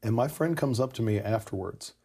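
A man's voice: medium pitch, fairly quick, warm tone, husky. A man in casual conversation, earnestly telling a personal story with lots of "you know" asides. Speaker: podcast guest telling his conversion story.

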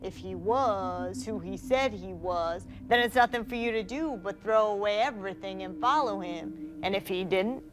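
A woman reading the lines of a cold male killer in a flat, menacing drawl. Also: mid-range voice, moderate pace, hardly any pauses, natural voice.

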